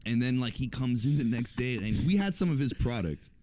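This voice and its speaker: A man's voice: mid-range voice, a little fast, a little hiss or hum. A man co-hosting a casual comedy podcast, telling stories and slipping into mock voices. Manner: animated storyteller, slips into mock voices.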